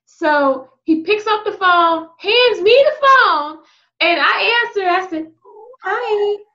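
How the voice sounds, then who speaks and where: A woman guest on a podcast, telling an explicit anecdote in a frank, lively, casual way. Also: very high voice, slow pace, dull audio. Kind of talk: casual candid storytelling.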